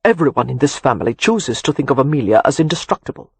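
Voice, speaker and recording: A man's voice: medium pitch, very animated, fast, breathy edge, no echo. A man voicing Cam, a weary wry husband. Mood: heated.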